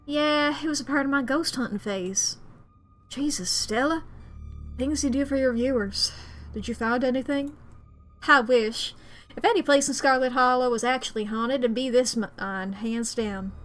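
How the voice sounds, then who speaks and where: A woman's voice: high-pitched, moderate pace, fairly bright tone, soft background music. A woman voicing a cheerfully morbid young ghost hunter with an upbeat, breezy way of talking. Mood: wistful.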